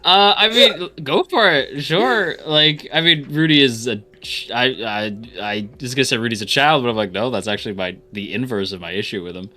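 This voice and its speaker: A man's voice: medium pitch, moderate pace, few pauses, bright, forceful tone. A man who is a guest on a casual live stream chat, talking in rambling tangents and laughing easily.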